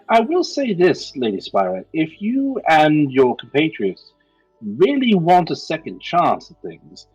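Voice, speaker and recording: A man's voice: on the high side, darkish tone, slightly rough, lo-fi sound. A man playing his character in a tabletop game, wry and persuasive. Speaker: player.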